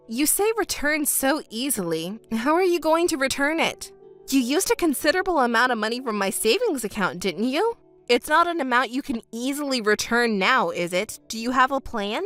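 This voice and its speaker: Woman, betrayed wife figure, scornful, sharp, mocking, high lively voice, faint music bed. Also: normal speed. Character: betrayed wife, adult woman, cold and cutting. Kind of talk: scripted texting-story reading.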